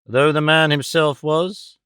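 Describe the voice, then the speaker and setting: A male audiobook reader voicing a stern, cold older mother who speaks in a severe, measured and reproachful way. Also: on the high side, steady tone, fairly bright tone, clear, resonant tone, dry recording, studio quality. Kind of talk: audiobook character voice.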